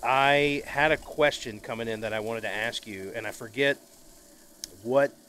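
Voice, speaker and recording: A man hosting a casual podcast interview outdoors at a barbecue grill, talking in a relaxed, rambling way. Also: mid-range voice, normal speed, a little hiss or hum. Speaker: podcast host. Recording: faint grill sizzle behind. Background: food sizzling on the grill.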